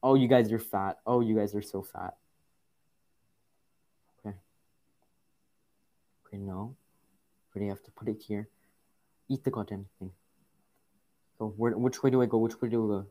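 A young man giving frustrated gameplay commentary, muttering to himself and breaking into loud exasperated outbursts. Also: on the low side, fairly even intonation, moderate pace, pauses often. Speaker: gaming video creator.

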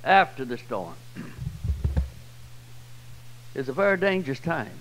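A man with a Southern US accent preaching a sermon, swinging from loud, high cries to low, quiet passages. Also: very animated, a little slow, slight background noise, poor audio. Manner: swells loud and high then drops low and soft. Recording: old 1990s church tape.

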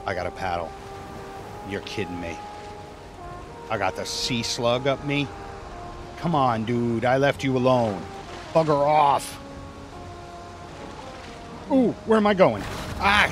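A man streaming a game live, commenting casually as he plays and grumbling and swearing when things go wrong. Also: medium pitch.

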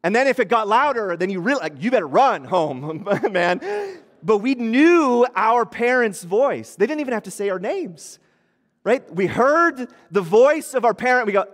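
A man's voice: high-pitched, lively intonation, moderate pace. Conversational man preaching in a reverberant hall. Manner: conversational preaching with acted-out quotes. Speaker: pastor. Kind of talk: sermon. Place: church hall. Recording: long church hall reverb.

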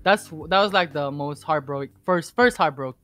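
A man's voice: a little high, moderate pace, faint music behind. A man being interviewed as a podcast guest, telling a casual story full of swearing and restarts. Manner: rambling, heavy swearing, animated retelling.

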